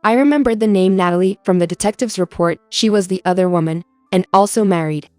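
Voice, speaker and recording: A woman narrates a scripted first-person story in an even, steady manner. Her voice sits at middle pitch. The recording is dry, with faint music underneath. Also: fast talker, no room sound.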